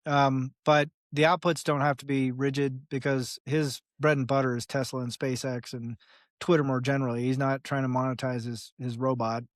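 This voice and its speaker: A man's voice: medium pitch, normal speed, no echo, clean studio sound. A man talking as a podcast guest in a loose, rambling way, often saying "like" and "right?" and acting out quoted dialogue. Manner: animated, acts out quoted dialogue in other voices. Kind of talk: casual conversational interview.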